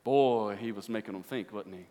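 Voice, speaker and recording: A man preaching a sermon to a church congregation, emphatic and climbing to near-shouting on key points. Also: on the low side, moderate pace. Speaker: pastor. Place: church sanctuary with an audience. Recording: long hall reverb.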